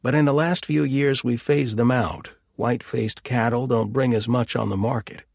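A man's voice: medium pitch, fairly even intonation, normal speed, gravelly, a little mellow, no room sound, studio quality. A man voicing an enthusiastic, long-winded rancher in a storybook reading. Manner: chatty, enthusiastic, over-explaining.

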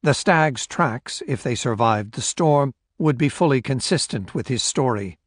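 A man narrating a novel aloud in a measured, even storytelling manner. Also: medium pitch, no echo, studio quality. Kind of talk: audiobook narration.

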